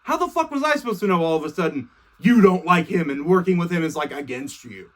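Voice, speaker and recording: A man's voice: a little high, expressive, fast, close to an everyday voice. A man voicing a laid-back, slangy priest who curses casually. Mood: exasperated. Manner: casual, profane, offhand.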